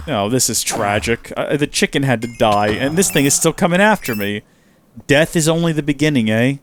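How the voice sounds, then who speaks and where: Speaking at normal speed in a mid-range voice, a gaming channel host narrates his let's play, animatedly exclaiming and muttering to himself as the game goes on.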